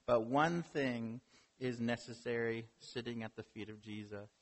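Husky-voiced man preaching a sermon. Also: medium pitch, measured pace. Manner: earnest, rhetorical questions, rising emphasis. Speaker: pastor.

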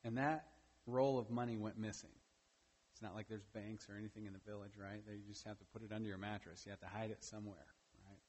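A man's voice: fairly low pitch, fairly even intonation, quick pace, darkish tone, long reverb tail. A man preaching a sermon during a morning church service, speaking emphatically and often tagging his points with "right?". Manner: emphatic preaching with frequent "right?" tag questions. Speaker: pastor.

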